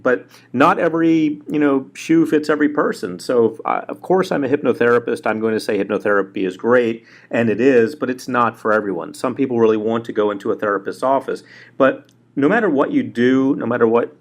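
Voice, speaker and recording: Man, hypnotherapist guest, relaxed, jokey, interview. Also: medium pitch, a little fast. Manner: relaxed, jokey, laughs easily. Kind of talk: casual interview over the phone.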